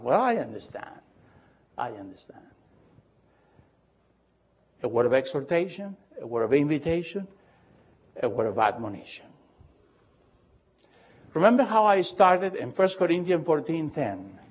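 Middle-aged male preacher, fairly high husky voice, surges from quiet to shouting, muffled lo-fi sound. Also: expressive, unhurried, long pauses. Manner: impassioned, swings from hushed to shouting. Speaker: pastor. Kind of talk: sermon. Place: church auditorium.

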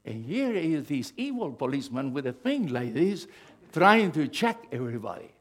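A middle-aged male pastor preaching a sermon, swinging from loud, emphatic bursts to hushed asides. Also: fairly high pitch, sing-song, normal speed.

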